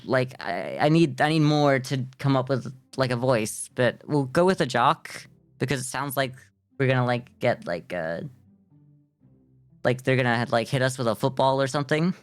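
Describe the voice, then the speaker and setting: Giggly streamer reading a game out loud and rambling, mid pitch, faint music playing. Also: normal speed, smooth, no echo. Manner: giggly, self-mocking, lots of fillers.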